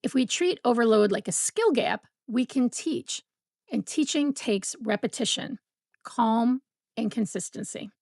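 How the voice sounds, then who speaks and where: A woman with a slightly high voice explains parenting strategies in a calm, measured way. Her delivery is steady and explanatory, and the sound is dry and close. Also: dry recording. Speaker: parenting educator. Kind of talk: scripted educational talk to camera.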